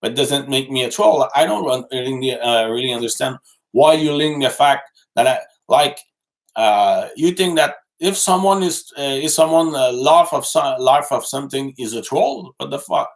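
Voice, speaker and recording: A man with a mid-range voice replies to his livestream chat in English that is not his first language. He talks in a casual, halting way, stopping often to restart and fill gaps with "uh". His delivery is loose and unscripted. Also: medium pitch. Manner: halting, many restarts and fillers.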